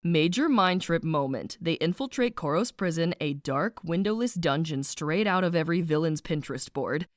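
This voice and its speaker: A woman narrating a snarky animated book summary, playful and sarcastic, with slang asides and spoken sound effects. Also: sits low, moderate pace, hardly any pauses, no echo, studio quality.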